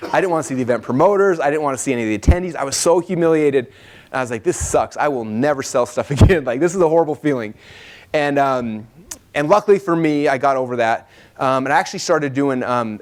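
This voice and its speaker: A man speaking at a training session, telling stories casually and animatedly, with lots of "like" and quoting himself. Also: medium pitch. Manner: fast and animated, full of "like" and self-quoting. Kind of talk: casual storytelling talk to a live audience.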